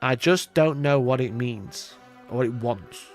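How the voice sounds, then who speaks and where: A man's voice: medium pitch, measured pace, faint music behind. A man streaming live as he works through a word puzzle. He talks to himself and to his chat, laughs often, mocks himself and swears.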